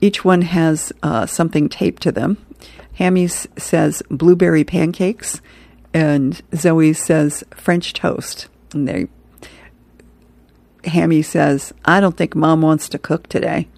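A woman's voice: deep voice, fairly even intonation, slow, creaky, a little mellow, no echo. A woman host reading newspaper comic strips aloud, chuckling between them.

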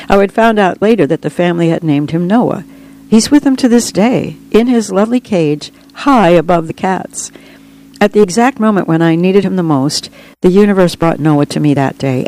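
A narrator reading a personal memoir aloud in an earnest, reflective, steady way. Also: medium pitch, rough recording.

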